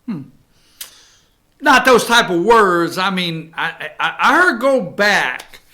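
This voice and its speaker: Male talk show host, bright and raised in pitch, animated with sarcastic asides. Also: slow pace. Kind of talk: casual commentary.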